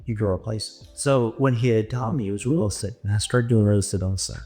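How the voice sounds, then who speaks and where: A man from Texas, a podcast guest telling stories in an animated way and acting out dialogue. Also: lowish voice, fast talker, husky, soft background music. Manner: animated, acts out dialogue in voices. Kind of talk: storytelling anecdote.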